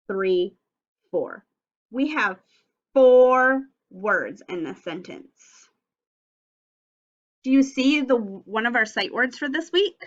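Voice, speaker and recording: A woman teaching young children a phonics and sentence lesson on video, speaking slowly and clearly in an encouraging way. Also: a little high, fairly bright tone. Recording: slightly dull lo-fi audio.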